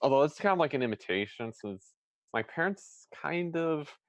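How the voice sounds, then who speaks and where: A man's voice: a little high, animated, moderate pace, dry recording. A man from Philadelphia with a mild Philadelphia accent, chatting casually as a podcast co-host and rambling with lots of "like". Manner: rambling, heavy use of "like". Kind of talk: casual chat.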